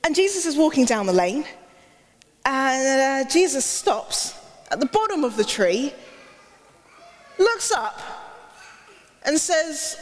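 A woman telling a lively Bible story to children, asking them questions as she goes. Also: high voice, slow, pauses often, big-room sound. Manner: animated, asks the children questions.

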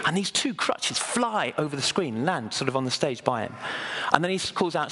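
A man gives a sermon with a slightly raised pitch and a gravelly edge. He talks in a chatty, storytelling way, pausing and restarting now and then. His voice rings out with the long echo of a church hall. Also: expressive, pushed and bright, a little hiss or hum. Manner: conversational, storytelling, with hesitations. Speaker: preacher.

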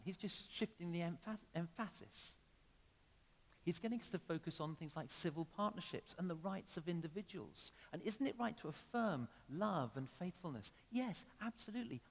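A man delivering a sermon in a slightly higher voice than most men. He swings between emphatic, raised phrases and quiet asides. The sound rings with the long reverb of a church hall. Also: creaky. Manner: conversational with emphatic rises and sudden drops. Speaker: preacher.

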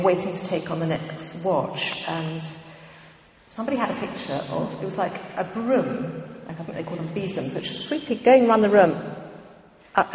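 A woman giving an informal church teaching talk on prayer, conversational and meandering, with frequent ums and asides. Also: on the low side. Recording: dull, echoey hall recording.

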